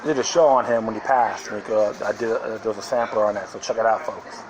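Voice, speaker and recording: A man's voice: on the low side, steady tone, quick pace, a crowd in the background, rough recording. A man hosting a podcast, talking in a rambling, sarcastic casual monologue. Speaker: podcast host.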